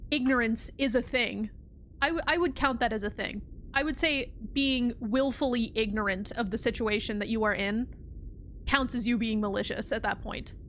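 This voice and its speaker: A woman's voice: fairly high pitch, a bit bright, slight background noise. A young woman streaming a game, talking casually and animatedly, swearing often and sounding exasperated. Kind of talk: casual gameplay commentary.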